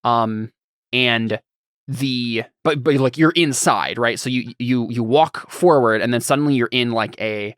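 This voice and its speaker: A man's voice: mid-range voice, unhurried, fairly bright tone, clear, resonant tone, no echo. Male game master, medium voice, rambling, word-searching narration, dry close sound. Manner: rambling, searching for words as he describes.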